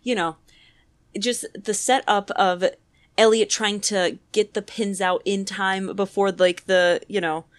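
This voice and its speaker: A woman's voice: medium pitch, steady tone, unhurried, clear, resonant tone. A woman co-hosting a podcast, chatting casually about a film she loves, gushing and laughing often. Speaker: podcast co-host. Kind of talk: casual movie-rewatch chat.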